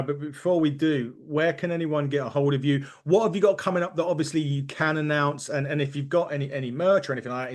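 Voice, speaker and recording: A man hosting a wrestling podcast, asking questions in a rambling, friendly way. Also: medium pitch. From United Kingdom. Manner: rambling, friendly, self-correcting. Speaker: podcast host. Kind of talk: casual interview chat.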